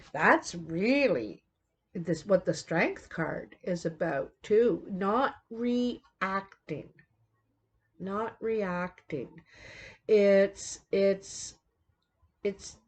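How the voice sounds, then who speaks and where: Middle-aged woman, tarot reader, low voice, unhurried, rambling delivery with frequent restarts. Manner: slow, meandering, many fillers and restarts. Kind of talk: unscripted tarot reading.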